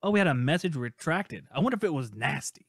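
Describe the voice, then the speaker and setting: A man hosting a live call-in podcast, chatty and playful as he reads out listener messages. His voice sits a little high for a man. The sound is close and dry, with no room echo. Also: very animated, quick pace, breathy edge. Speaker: podcast host. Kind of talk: casual live-stream podcast chat.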